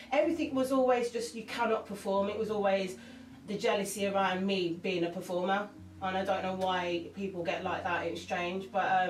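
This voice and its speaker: This singer's medium-pitched voice reaches the mic from a distance, with slight background noise, roomy acoustics and faint music. Appearing as an interview guest, she rambles and restarts while speaking frankly and with feeling.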